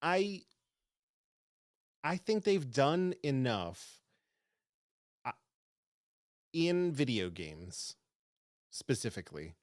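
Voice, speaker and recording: A man co-hosting a podcast in an easygoing, thoughtful manner. He speaks slowly and weighs his words, with a voice that rises and falls a lot. The sound is dry and close to the mic. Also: medium pitch, very animated, no echo. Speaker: podcast co-host. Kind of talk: casual review chat.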